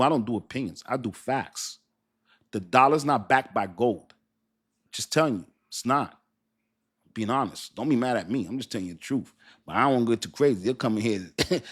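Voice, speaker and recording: A man with a husky, medium-pitched voice hosts a casual crypto livestream. He chats loosely, laughs often, and answers his chat.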